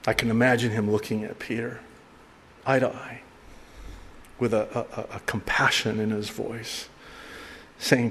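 A man's voice: mid-range voice, little pitch movement, measured pace, long pauses, fairly bright tone, slight background noise. A man preaching a sermon, telling the story animatedly and acting out voices with humor. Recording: distant voice with long hall reverb, faint ambience.

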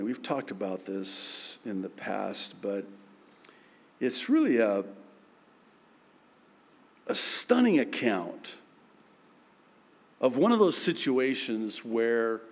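Preacher in a reverberant hall. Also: male voice, medium pitch, slow, pauses often, husky. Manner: acts out both sides of dialogues with God, animated. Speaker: pastor. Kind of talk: sermon.

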